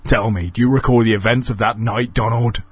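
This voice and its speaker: A man voicing a menacing monster with a meringue face, rasping and sneering. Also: mid-range voice, fairly even intonation, brisk, no room sound, close to an everyday voice. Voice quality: raspy.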